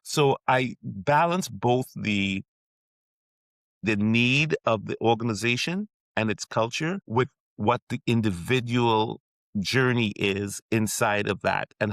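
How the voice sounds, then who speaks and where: A man's voice: fairly low pitch, vocal fry, no room sound. A middle-aged man from Trinidad and Tobago, a sports psychiatrist giving a podcast interview, who speaks reflectively with frequent restarts.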